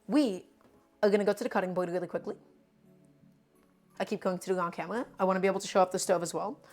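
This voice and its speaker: A woman's voice: medium pitch, fairly even intonation, fast, darkish tone, faint music behind. Chatty New York woman teaching cooking. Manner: chatty and explanatory, often calls viewers "my friends". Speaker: cooking streamer. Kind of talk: casual live cooking demonstration.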